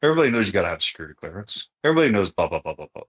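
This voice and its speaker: A man's voice: sits low, very animated, rapid-fire, muffled recording. A middle-aged man, a retired army sergeant major, speaking casually as a podcast guest in a plain-spoken way, often tagging sentences with "right?". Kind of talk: casual conversational interview.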